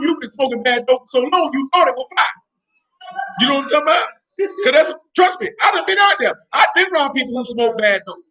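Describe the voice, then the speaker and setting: High-voiced preacher, animated street-slang sermon. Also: male voice. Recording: dull lo-fi recording.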